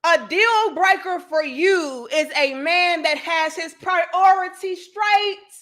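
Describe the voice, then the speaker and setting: A woman's voice: very high voice, slow, fairly bright tone. A woman hosting a livestream, ranting in a profane, emphatic and exasperated way while reading chat comments. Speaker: host.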